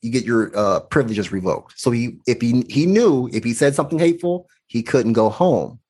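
A man's voice: mid-range voice, expressive, normal speed, a little mellow, slightly rough. A man, a podcast guest, telling a personal story in an earnest, reflective way, acting out the quoted dialogue.

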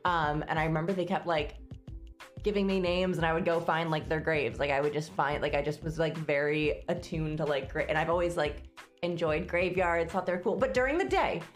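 Lower-voiced woman, chatty co-host. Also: a little fast, soft background music. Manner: chatty, earnest, full of fillers. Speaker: podcast co-host. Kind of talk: casual chat.

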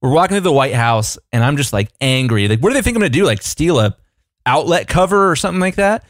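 A man co-hosting a podcast, telling a rambling, animated anecdote in casual chat, full of fillers. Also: a little high, fast talker, no echo, studio quality. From United States. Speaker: podcast co-host.

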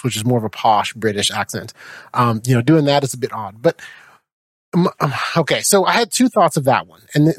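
A man hosting a podcast, chatting casually about a film, animated, restarting his sentences and tagging them with "right?". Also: mid-range voice, dry recording. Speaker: podcast host. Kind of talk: casual film review chat.

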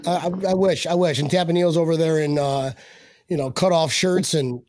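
A man's voice: a little high, fairly even intonation, normal speed, a little mellow, dry recording, clean studio sound. A man hosting a podcast in casual chat, rambling and joking with many restarts. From Buffalo, USA. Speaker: podcast host.

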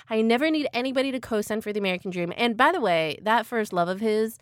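A woman hosting a studio interview, introducing her guest and asking short, brisk questions. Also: fairly high pitch, no room sound. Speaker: podcast host. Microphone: studio microphone.

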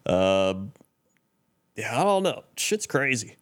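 A man co-hosting a podcast, answering in laid-back, quieter casual chat. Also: lowish voice, very animated, slow pace, no echo, clean studio sound. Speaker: podcast co-host.

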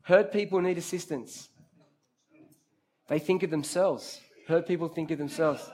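A man delivers a sermon in a voice pitched a touch high for a man. He is lively and talks straight to the crowd, drawing answers out of his listeners and repeating his points for emphasis. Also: a little slow. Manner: repeats key phrases for emphasis. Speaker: preacher leading a youth group. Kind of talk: interactive sermon.

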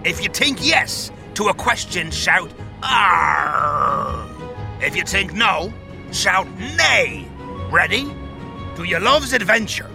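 A man voicing a boisterous male pirate with a British accent, gruff and playful in a children's educational podcast. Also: high voice, lively intonation, unhurried, music in the background. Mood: bossy. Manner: growly pirate talk, playful and bossy.

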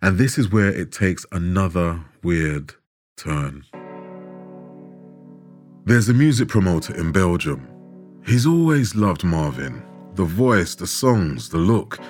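A man telling a true story in measured, dramatic scripted narration, with rhetorical questions. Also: low voice, sing-song. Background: background music.

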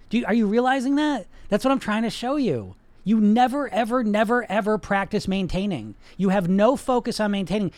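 Male host, high voice, dry close mic; blunt, profane, emphatic unscripted coaching talk. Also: dry recording. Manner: blunt, emphatic, profane, repeats words for stress. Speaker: weight-loss coach and podcast host. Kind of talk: unscripted coaching monologue to a live chat.

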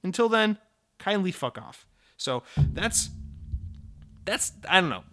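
Man, slightly high-pitched, gaming news host, casual rant, sarcastic, profane. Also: very animated, slow pace, fairly bright tone.

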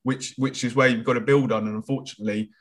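Man, mid-pitched voice, calm and analytical on a sports podcast. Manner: measured, analytical, hedges with "for me". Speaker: podcast co-host. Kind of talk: casual football podcast chat.

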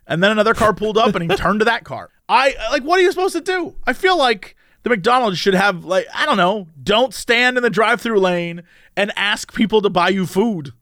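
A high-pitched man tells a story in a casual podcast chat. His voice swings widely up and down as he narrates with lots of laughter, and the sound is dry and close. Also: fairly quick, no room sound. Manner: animated storyteller, laughs often. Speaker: podcast co-host. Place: lives in a live-work office complex in a city.

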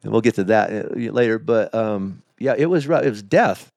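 A man's voice: on the low side, animated, moderate pace, gravelly, a little mellow, no echo. A middle-aged man, a pastor being interviewed, telling his story in a candid, emotional, confessional way that halts at the hard moments. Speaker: pastor, podcast guest.

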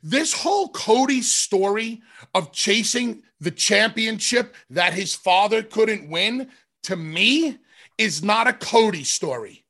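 A man's voice: high voice, expressive, slow pace, sharp tone. A man hosting a talk show, emphatic and talking over others. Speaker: host.

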